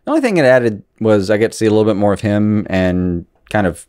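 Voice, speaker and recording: A man with a fairly low voice co-hosts a podcast in relaxed chat. He is easygoing and wry and laughs at himself. The recording is dry and close. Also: quick pace, clear, resonant tone, no room sound. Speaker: podcast co-host. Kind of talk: casual chat.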